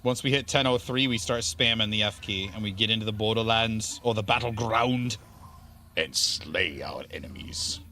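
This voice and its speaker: Bright-sounding guy rambling on his gaming stream, kinda self-deprecating. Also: on the low side, level tone, a little fast, hardly any pauses, slight background noise. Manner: rambling, self-deprecating, chatting to viewers while playing. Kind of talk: casual gaming stream chat.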